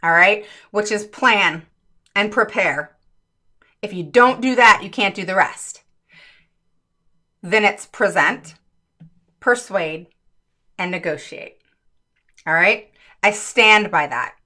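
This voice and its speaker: A woman hosting a casual live stream as a parent advocate, earnest and chatty, with many fillers and quick hellos to viewers by name. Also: mid-range voice, sharp tone. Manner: chatty, greets viewers by name mid-sentence. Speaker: special education advocate and live-stream host.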